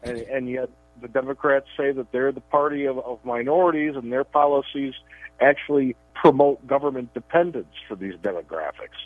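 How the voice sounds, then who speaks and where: Emphatic husky man on a phone line. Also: medium pitch, normal speed, no room sound. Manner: emphatic, repeats words when starting sentences. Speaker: radio show co-host and columnist. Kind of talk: political radio commentary. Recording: tinny phone line, dry.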